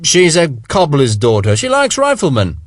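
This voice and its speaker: A man's voice: fairly high pitch, wildly swooping pitch, moderate pace, dry recording, clean studio sound, voice pushed up. A man reading an audiobook, voicing a blunt, evasive soldier in short, clipped replies. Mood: guarded. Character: terse, guarded soldier, blunt and dry. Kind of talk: audiobook character voice.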